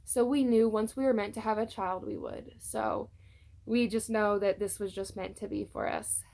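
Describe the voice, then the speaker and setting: A young woman tells a personal story to her phone camera at home, rambling with lots of fillers. Her voice has a noticeable gravelly fry, and at times she turns tearful. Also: medium pitch, animated, normal speed, a little mellow. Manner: chatty storytelling with many fillers. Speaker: vlogger. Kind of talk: casual personal vlog. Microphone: phone on a tripod.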